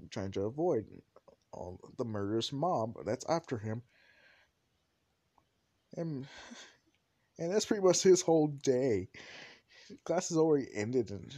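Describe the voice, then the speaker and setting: A man's voice: mid-range voice, dark tone, no echo. A young man telling a fan fiction story casually, rambling and joking with many fillers.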